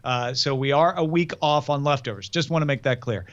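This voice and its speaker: A man's voice: medium pitch, brisk, lo-fi sound. A man co-hosting a podcast, chatting casually about TV episodes. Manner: chatty, reads listener mail aloud. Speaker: podcast co-host.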